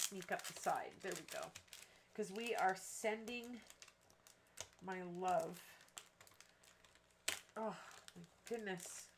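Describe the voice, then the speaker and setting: A woman's voice: mid-range voice, noisy background. A woman hosting a card-making livestream, chatting casually and rambling, with self-deprecating asides as she demonstrates. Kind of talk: casual craft demo chat.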